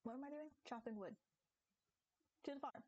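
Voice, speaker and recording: A chatty young woman on a gaming stream, giggling and jumping from thought to thought. Her voice sits a little high, and the sound is dry and close to the desk mic. She chats casually with her viewers. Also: moderate pace, no room sound, dull audio. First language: English. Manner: giggly, chatty and animated, talks to chat and her cat. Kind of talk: casual live-stream chat while gaming.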